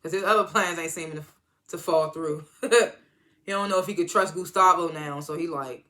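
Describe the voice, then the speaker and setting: Bright-voiced man casually recapping a show. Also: fairly high pitch, normal speed. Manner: rambling slangy retelling with acted-out quotes. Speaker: TV show reviewer.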